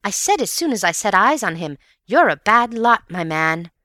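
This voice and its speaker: A woman voicing an excitable, gossipy young woman in a story. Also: mid-range voice, normal speed, no echo, studio quality, pitched above the performer's own voice. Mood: excited. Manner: excited, chattering.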